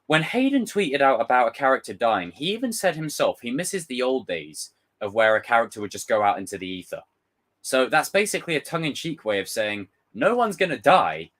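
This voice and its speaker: A young man passionately breaking down a trailer for his viewers, excitable and swearing freely. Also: mid-range voice, brisk. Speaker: pop culture commentator.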